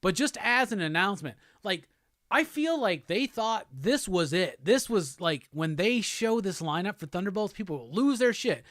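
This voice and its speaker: Man, high voice, loose profane chatter, reading chat comments, dry close sound. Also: big pitch swings, normal speed, fairly bright tone, no echo. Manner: loose, profane, rambling, reads viewer comments aloud. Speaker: live show host reading chat. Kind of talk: casual livestream chat.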